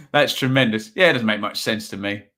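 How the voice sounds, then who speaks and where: A man hosts a live football stream, chatting casually with viewers, reading out chat messages, and giving score updates, sounding a little tired. His voice is fairly low in pitch, a bit bright, and a little fast.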